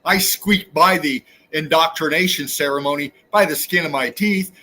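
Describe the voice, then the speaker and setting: A man's voice: fairly high pitch, moderate pace, sharp tone. A man hosting his own channel, delivering an angry, profane, preachy rant straight at his viewers. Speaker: channel host. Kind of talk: angry ranting monologue.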